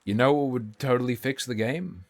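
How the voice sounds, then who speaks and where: A man's voice: mid-range voice, normal speed. A man streaming a game live, muttering casual commentary and swearing freely as he plays.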